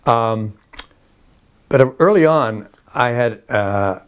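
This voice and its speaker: A man's voice: medium pitch, lively intonation, extremely slow, clear, resonant tone. An older man being interviewed, rambling through old army stories with frequent chuckles and restarts. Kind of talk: oral history interview.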